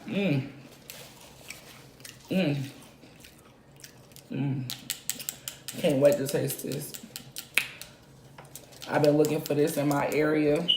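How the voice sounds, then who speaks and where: A woman vlogging a mukbang, chatting casually between bites and humming contentedly as she eats. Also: sits low. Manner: slow, relaxed talk between bites, lots of contented hums. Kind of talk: casual eating vlog. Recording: echoey room, faint background noise.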